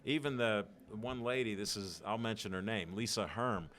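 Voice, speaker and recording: A man's voice: fairly low pitch, normal speed, fairly bright tone. An older man from Pittsburgh, a podcast guest, telling stories animatedly and acting out the dialogue. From Pittsburgh, USA. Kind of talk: storytelling interview.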